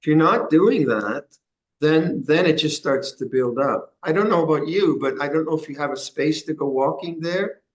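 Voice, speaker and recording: Older male monk teacher, fairly high-pitched, frank and chatty, repeats key phrases when answering questions in a Dhamma session. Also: lively intonation, moderate pace, poor audio.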